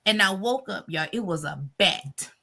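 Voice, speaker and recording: A woman hosting a livestream, telling stories in casual chat, acting out quotes and ending with a warm blessing. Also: on the low side, moderate pace, vocal fry. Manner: animated, acts out quotes, breaks into laughter; warm blessing-style sign-off. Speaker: livestream host. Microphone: streaming setup.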